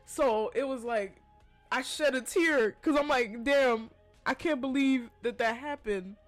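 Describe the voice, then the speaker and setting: A young woman hosting a podcast, casually telling a personal story with lots of animated asides and quoted voices. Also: high-pitched, measured pace, soft background music. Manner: chatty, animated retelling with quoted voices and laughs. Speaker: podcast host.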